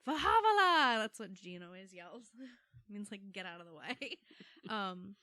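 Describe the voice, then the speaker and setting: Woman, bright forceful voice, chatty and laughing, dry close mic. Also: medium pitch, measured pace, dry recording. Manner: chatty, laughs often, plays voices in anecdotes. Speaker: podcast co-host. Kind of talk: casual chat and dramatic poem reading.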